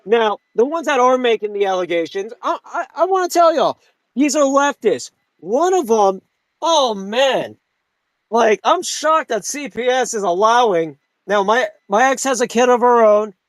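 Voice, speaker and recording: A man with a high voice rants as a live talk radio host, heated and profane, stumbling over restarts as he presses on. The sound is dry and close, with no room around it. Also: lively intonation, a little slow, no room sound, poor audio.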